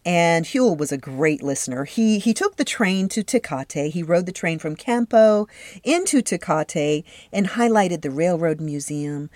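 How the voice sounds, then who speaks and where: Lower-voiced woman from southern california rambling happily on her podcast, dry close sound. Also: expressive, measured pace, a little mellow, no echo. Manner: chatty, enthusiastic storytelling with fillers. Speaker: podcast host. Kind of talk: casual solo podcast monologue.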